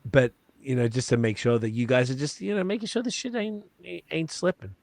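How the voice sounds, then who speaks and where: A man's voice: medium pitch, sing-song, fairly quick, a little mellow, no echo. A man hosting a podcast, chatting casually and rambling with swearing and fillers. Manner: loose and profane, rambling with lots of fillers. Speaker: podcast host.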